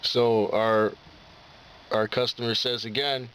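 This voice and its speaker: A man's voice: medium pitch, flat delivery, slow, fairly bright tone, a little hiss or hum, low-quality recording. Rambling man telling a taxi story. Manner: rambling, many fillers and restarts. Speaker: taxi driver. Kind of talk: casual storytelling vlog.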